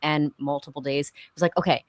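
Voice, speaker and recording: Lower-voiced woman telling production stories. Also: brisk, dry recording. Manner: lively, laughs through stories. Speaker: film producer. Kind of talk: casual podcast chat.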